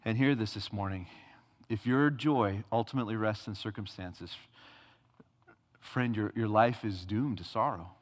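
A male pastor with a fairly low voice preaches at a measured pace, using emphatic repetition and rhetorical questions. Recorded in a church sanctuary, his words carry long hall reverb.

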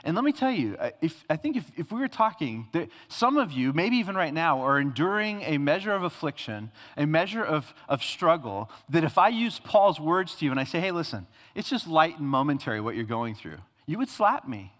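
A man's voice: on the high side, very animated, a little fast, few pauses, fairly bright tone, big-room sound. A man preaching a sermon, earnestly acting out God and the prophet in dialogue. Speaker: pastor.

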